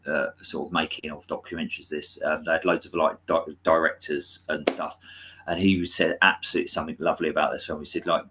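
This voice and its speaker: A man's voice: a bass voice, a bit bright, a little hiss or hum. A man co-hosting a casual film discussion, talking enthusiastically and restarting his sentences. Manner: enthusiastic, chatty, trails off and restarts. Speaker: podcast co-host.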